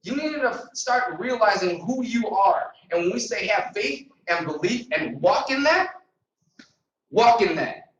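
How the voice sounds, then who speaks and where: A man giving an energetic, repetitive motivational seminar talk to a group in a meeting room. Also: high-pitched, measured pace. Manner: energetic, repetitive, preacher-like emphasis. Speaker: motivational trainer. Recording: echoey room, distant mic.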